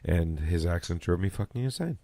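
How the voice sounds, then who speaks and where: An American man hosting a podcast, chatting casually with quick stammering restarts and casual swearing. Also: low voice, lively intonation, creaky, dark tone, dry recording. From United States. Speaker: podcast host. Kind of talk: casual chat.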